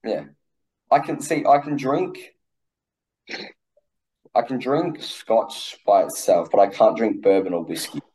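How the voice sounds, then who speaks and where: A man's voice: on the low side, very animated, measured pace, long pauses, dark tone. A laid-back Australian man hosting a casual interview chat, bantering easily. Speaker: podcast host.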